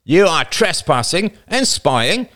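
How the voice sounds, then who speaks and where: A man's voice: medium pitch, wildly swooping pitch, unhurried, fairly bright tone, clean tone, no echo, studio quality, voice pushed up, full character voice. A man voicing a menacing younger teenage boy with a slight lisp who sounds easy-going but threatening. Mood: angry.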